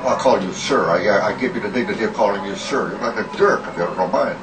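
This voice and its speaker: A fast-talking man with a lowish voice plays a crude, blustering uncle hurling heavy swearing at a teacher in improvised comedy. The amateur recording is noisy, echoey and distant.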